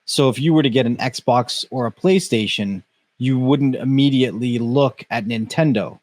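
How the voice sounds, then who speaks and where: A man co-hosting a tech podcast, thinking aloud in a loose, chatty way with plenty of "you know" and "right." His pitch is ordinary for a man, and the sound is dry and close. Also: normal speed, darkish tone, dry recording. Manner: musing, conversational, uses "you know" and "right". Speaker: podcast co-host. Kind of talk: casual tech podcast chat.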